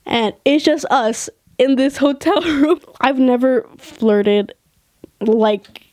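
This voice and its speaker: A woman telling casual stories straight to camera, animated and swearing freely, laughing mid-sentence. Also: high voice, slow pace, no room sound. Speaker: vlogger. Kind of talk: casual storytelling.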